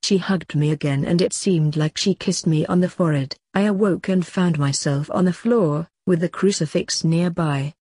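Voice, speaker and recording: Low husky woman reading a devout diary. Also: moderate pace, few pauses, dark tone, dry recording. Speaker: audiobook narrator. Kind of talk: scripted first-person diary reading.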